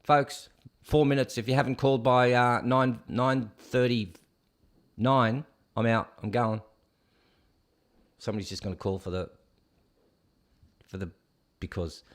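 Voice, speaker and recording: A man's voice: mid-range voice, fairly even intonation, measured pace, long pauses. A middle-aged Canadian man hosting a casual livestream, reading viewer comments aloud and breaking into bits of songs. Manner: reads comments aloud, sings snatches of songs. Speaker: livestream host reading chat. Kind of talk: casual chat.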